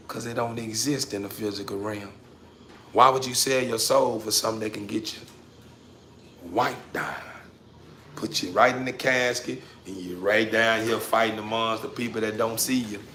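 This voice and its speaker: Gravelly man preaching a street-talk rant. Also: slight background noise. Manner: preachy, addresses listener directly, repeats himself; swings from low mutter to loud emphatic outbursts. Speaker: social media commentator.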